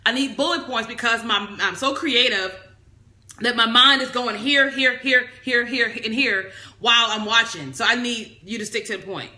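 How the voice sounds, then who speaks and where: Bold, loud, animated woman coaching live. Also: on the high side, moderate pace, echoey room. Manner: preachy motivational, talks on and on. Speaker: business coach livestream host. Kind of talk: casual live-stream teaching.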